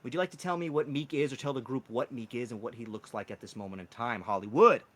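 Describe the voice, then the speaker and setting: Man, dungeon master, casual rambling narration, bright forceful voice. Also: mid-range voice, fast talker. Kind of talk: narrating a tabletop game.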